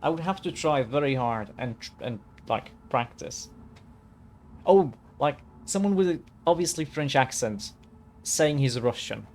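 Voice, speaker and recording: A man's voice: medium pitch, expressive, a little slow, darkish tone, a little hiss or hum. A young man casually commenting over a video game, rambling and thinking aloud with lots of fillers. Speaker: let's play commentator.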